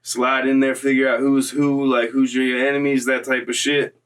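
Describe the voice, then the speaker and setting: A young man from Florida spins a casual, animated story in heavy street slang, acting out the other people as he goes. His pitch sits in an ordinary middle range. He sounds a little distant from the microphone. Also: moderate pace, clean tone. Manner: streetwise slang, animated retelling with quoted voices. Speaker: storyteller recounting prison time.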